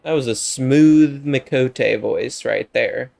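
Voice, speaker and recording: A man's voice: medium pitch, slow, vocal fry, a little mellow, no echo. A young man streaming a game, making offhand joking asides. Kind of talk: casual gameplay commentary.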